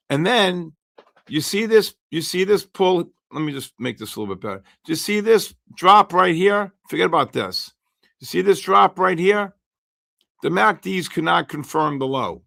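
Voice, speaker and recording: A hoarse man hosting a live trading stream, chatting with viewers by name while he calls trades. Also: fairly high pitch. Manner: animated, greets chat by name while calling trades. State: hoarse, losing his voice. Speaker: livestream host and futures trader.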